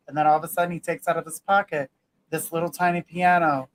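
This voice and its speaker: An upbeat host of a live talk show tells a joke and signs off, addressing viewers warmly and often. The voice sits at a mid pitch with a friendly, chatty manner. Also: steady tone, fast, rough recording. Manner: upbeat, repeats "guys".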